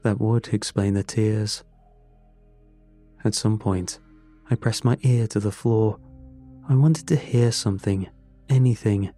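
A man narrating a first-person story in a slow, measured, somber manner. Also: on the low side, warm tone, soft background music.

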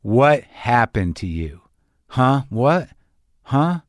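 Man doing blunt sober woman, prodding, pointed questions; dry mid-pitch read. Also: sing-song, extremely slow, dry recording. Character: blunt, sober young woman offering help.

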